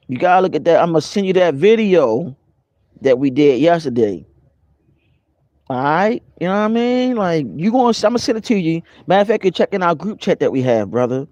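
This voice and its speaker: A spiritual vlogger gives a relaxed, motivational spiritual talk, calling out his viewers by name along the way. His voice sits a little high, and his manner is lively and chatty as he speaks to the live audience. The recording is lo-fi with no room sound.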